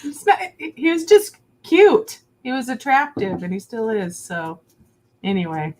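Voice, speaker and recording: A woman in her forties hosting a casual chat, chatty and quick to laugh, often trailing off softly. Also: a little high, big pitch swings. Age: 40s. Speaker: podcast host.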